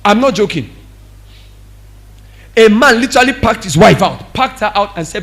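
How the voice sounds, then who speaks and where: A man preaching a sermon as pastor, animated and acting out what people say. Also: high voice, normal speed, long pauses. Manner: animated, acts out quoted speech.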